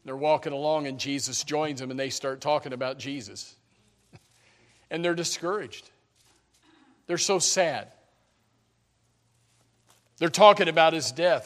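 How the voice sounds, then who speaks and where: Animated preaching man, bright voice. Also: a little high, measured pace, pauses often. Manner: animated, emphatic preaching with sudden loud peaks; repeats words when starting sentences. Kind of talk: sermon.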